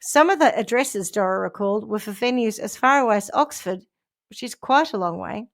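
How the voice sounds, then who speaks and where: A woman's voice: medium pitch, animated, fairly quick, creaky. A woman, a podcast co-host reading a crime story aloud with chatty asides. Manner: reads a news story with asides and laughs.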